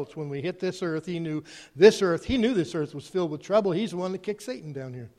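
A man preaching a sermon, animated, swinging between loud emphasis and quiet, hushed asides. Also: a little high. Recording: long hall reverb.

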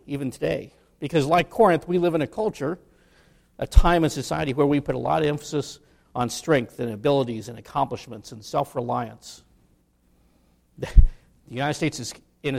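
A man, a pastor, delivering a sermon in an animated style with humorous asides. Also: a little high, gravelly.

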